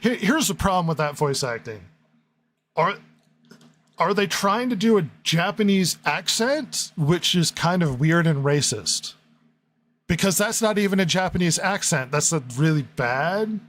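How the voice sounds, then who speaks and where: Reading out listener comments and reviews with a sarcastic edge, this podcast host keeps things casual. His voice sits high and is expressive and a bit bright, his pace is measured, and there's slight background noise.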